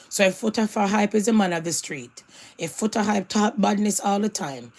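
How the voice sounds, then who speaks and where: Emphatic commentator hammering home points. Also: mid-range voice. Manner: emphatic, repeats points, mixes in patois. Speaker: online commentator. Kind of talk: opinion commentary.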